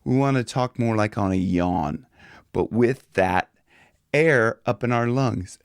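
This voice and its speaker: Laid-back male vocal coach, slow talker. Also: clear, resonant tone, no room sound, clean studio sound. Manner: loose and chatty, slips into high demo voices. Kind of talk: casual singing lesson.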